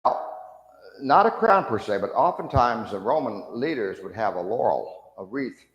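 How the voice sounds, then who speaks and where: A man's voice: lowish voice, normal speed, dull audio. A man leading a church Bible class, questioning the class and acting out the lines of the people in the story he teaches. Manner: animated, acts out mocking soldiers' voices, asks the class questions. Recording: echoey room with long reverb.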